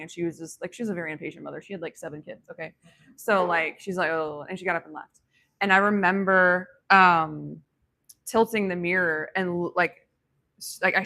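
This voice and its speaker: A woman with a gravelly, bright, fairly low voice tells a personal story in a loose, rambling way. She restarts her sentences often and fills the pauses with "um" and "like." Her tone stays reflective and spiritual. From grew up on a ranch. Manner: rambling, many fillers and restarts. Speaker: guest telling a personal story. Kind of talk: casual spoken storytelling.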